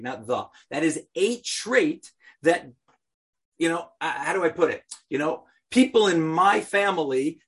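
Guy teaching a bible class, kinda husky, slightly high voice, jokey and chatty. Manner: joking, animated, talks to the class directly. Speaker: Torah teacher. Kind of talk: informal Bible class talk.

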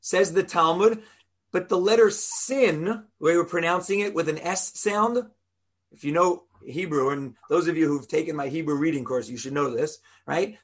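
A man's voice: a little high, slightly rough. A rabbi teaching an informal Torah class, explaining step by step and quizzing his listeners in a conversational way.

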